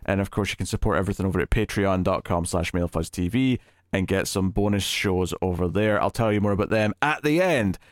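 A man hosting a casual movie podcast, chatty and animated, often laughing. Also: low-pitched, brisk, no echo, studio quality. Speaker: podcast host.

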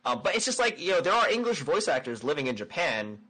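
Casual co-host, male, bright tone, animated, restarts sentences with repeated words. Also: fairly high pitch, fast, poor audio. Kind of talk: casual chat.

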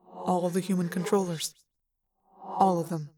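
A woman voicing a solemn young male alien warrior, speaking in a grave, measured way in an audiobook reading. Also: lowish voice, level tone, distant mic, a crowd in the background, close to an everyday voice.

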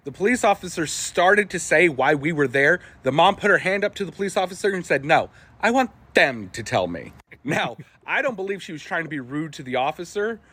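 A man's voice: high-pitched, expressive, a little fast, sharp tone. A man telling a casual, wry anecdote to camera, laughing here and there as he goes. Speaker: storyteller in a short video clip.

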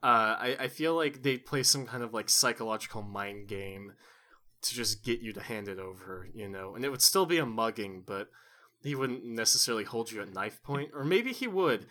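A man's voice: lowish voice, lively intonation, moderate pace, pushed and bright. A man co-hosting a podcast, reading out listener questions and riffing in casual, profane, joking chat. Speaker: podcast co-host.

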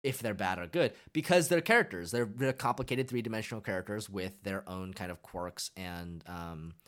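A podcast co-host in casual chat, retelling scenes excitedly with lots of fillers and restarts. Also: low-pitched, normal speed.

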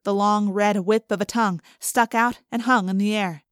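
A woman reading an audiobook aloud in first person, expressive, lifting her voice for the characters' lines. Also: normal speed, clean tone, dry recording, studio quality. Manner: expressive, lifting pitch for dialogue. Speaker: audiobook narrator.

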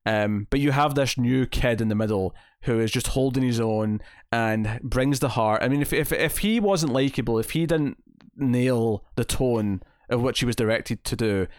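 A man's mid-range voice at normal speed, recorded dry in studio quality, carries a rambling, casual movie-review chat on his podcast. He restarts often and leans on plenty of fillers.

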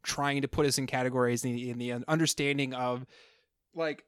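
A man co-hosting a podcast, telling a story in a rambling, animated way with frequent restarts. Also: mid-range voice, brisk, clean tone, dry recording, studio quality. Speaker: podcast co-host. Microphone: close podcast mic, sometimes leaning away.

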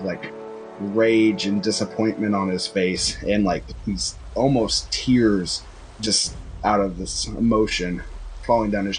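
A man narrating as game master in a loose, jokey way, with faint music behind. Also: lowish voice. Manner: loose, jokey, restarts often.

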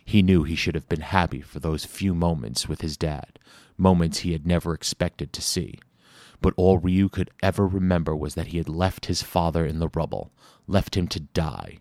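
A man reads an audiobook chapter with steady, measured storytelling. His voice is low and deep. The sound is close and dry, with no room echo. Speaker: audiobook narrator. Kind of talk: scripted narration.

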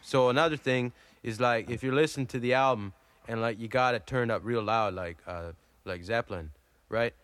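An actor playing a dim, easily flustered Canadian hoser on a comedy album, rambling and bickering with lots of fillers in a Canadian accent. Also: male voice, medium pitch, moderate pace, few pauses, fairly bright tone, clean tone, no echo, close to an everyday voice. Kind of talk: improvised comedy album sketch.

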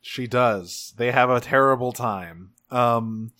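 A man co-hosting a casual podcast chat, animated and profane, acting out characters in raised voices. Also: medium pitch, slow pace. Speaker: podcast co-host.

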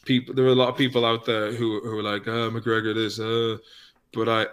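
A man's voice: medium pitch, flat delivery, fairly quick, clear, resonant tone. A man in casual podcast chat, rambling and swearing, often trailing off into mumbles.

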